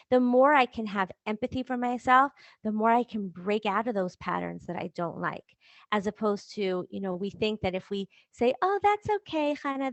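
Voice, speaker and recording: A woman coach with a medium-pitched voice hosts a podcast, warmly guiding her listeners through self-compassion in a motivational talk. She speaks conversationally, asks plenty of rhetorical questions, and laughs lightly, with no echo on the recording.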